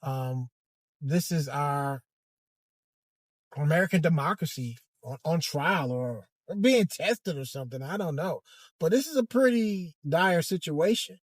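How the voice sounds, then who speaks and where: A man giving a hesitant, halting commentary monologue from inside a car, with frequent restarts. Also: a little high, expressive, no room sound. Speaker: vlogger.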